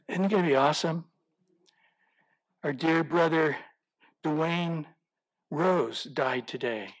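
A man delivering a sermon with a fairly high-pitched voice. He reads scripture aloud and stops to ask his listeners rhetorical questions. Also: slow, long pauses, poor audio. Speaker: pastor.

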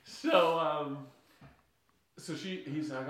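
A man's voice: medium pitch, lively intonation, moderate pace, a bit bright, recorded from a distance. A man recaps a movie in loose podcast chat, full of fillers, restarts and laughter. He sits away from the mic, and the room rings with heavy echo. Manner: rambling, many fillers and restarts, laughs often. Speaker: podcast co-host.

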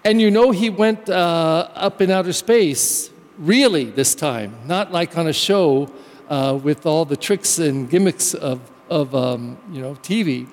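A male pastor preaches a homily in a chatty, animated way. He often stops to ask questions and tell stories. His voice sits high for a man and rings with a long church reverb. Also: unhurried. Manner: animated, conversational, storytelling. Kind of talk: sermon.

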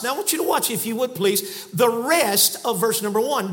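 Man preacher with a high voice, folksy anecdotes rising to fervent pulpit emphasis. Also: animated, moderate pace, few pauses, fairly bright tone. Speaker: guest preacher. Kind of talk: sermon. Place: church sanctuary pulpit.

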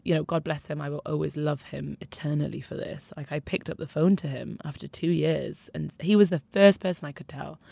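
A woman's voice: deep voice, gravelly, dry recording. A young woman frankly telling her own story as an interview guest, emphatic and conversational. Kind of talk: candid personal storytelling.

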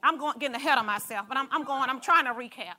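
A woman with a high-pitched voice and quick pace preaches a sermon in a conversational, animated way. She speaks straight to the congregation, adding asides and stories.

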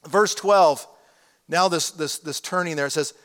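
Animated man preaching. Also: a little high, a little slow. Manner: animated, conversational preaching with asides to the congregation. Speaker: pastor. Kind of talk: sermon.

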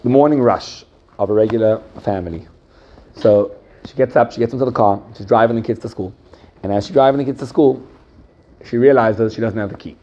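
A man teaching a class, telling a story with lively rises and soft drops and asking his listeners questions. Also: on the low side, brisk, lo-fi sound, a little hiss or hum. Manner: animated storytelling, rising excitedly and dropping softly. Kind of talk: lively lecture with questions to the audience.

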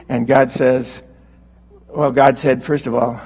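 A man preaching a sermon, unhurried and halting with fillers, rising when he quotes scripture. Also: mid-range voice, little pitch movement, a little mellow, breathy edge, in a large hall, rough recording.

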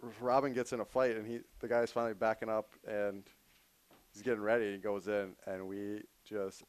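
Man, smooth clear voice, lowish pitch, hockey player guest, casual storytelling with laughs. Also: little pitch movement, a little fast. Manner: laughs while telling stories. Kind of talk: casual interview chat.

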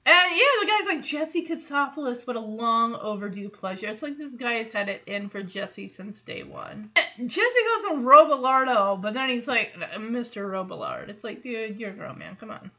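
A woman hosting a podcast, recapping an episode in a casual, animated way and acting out quotes. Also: moderate pace, hardly any pauses, muffled recording. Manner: animated, acts out quotes in lowered voices. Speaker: podcast host.

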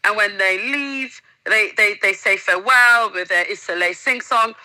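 A woman's voice: medium pitch, normal speed, pushed and bright, no echo, low-quality recording. A woman in casual interview chat, telling stories enthusiastically and vividly as a guest. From England.

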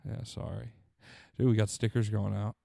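A man's voice: lowish voice, little pitch movement, moderate pace, creaky, dark tone, no room sound, clean studio sound. A young man co-hosting a podcast in playful, joking casual chat. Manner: joking, playful, drops into impressions. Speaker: podcast co-host.

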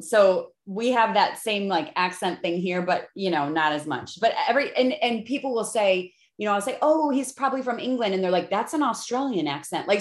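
A woman in her fifties with a Chicago accent hosts a relaxed interview, eager and quick to laugh. Her voice sits in the middle of the range. It carries a noticeable room echo. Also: medium pitch. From Chicago area. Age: 50s. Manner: enthusiastic, laughs often. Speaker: podcast host. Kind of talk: casual interview chat.

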